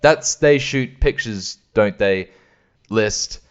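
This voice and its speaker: A man's voice: lowish voice, slow, clean tone, highs cut off. A man talks alone on his podcast. He rambles, swears a lot, laughs often and mimics voices. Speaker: podcast host. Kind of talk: casual solo chat.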